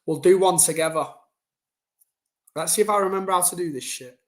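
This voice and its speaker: A man's voice: sits high, fairly quick. A young man ranting bluntly and casually to his chat during a football live stream, swearing and using slang.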